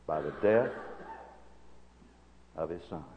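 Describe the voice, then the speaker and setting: Preacher swinging from hush to shout. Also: male voice, sits low, lively intonation, slight background noise. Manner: dramatic swings from hushed to loud; drawn-out emphatic phrasing. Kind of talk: sermon. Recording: dull sound with long reverb.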